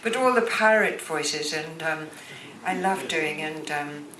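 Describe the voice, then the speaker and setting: An older actress telling chatty, animated anecdotes at a live stage Q&A. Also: female voice, low voice, unhurried. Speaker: guest actress. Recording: echoey hall with background noise.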